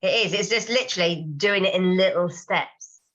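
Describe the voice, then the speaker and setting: A woman's voice: lowish voice, moderate pace, a bit bright, highs cut off. A woman on the team answering casually and agreeably during a video call. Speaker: team member.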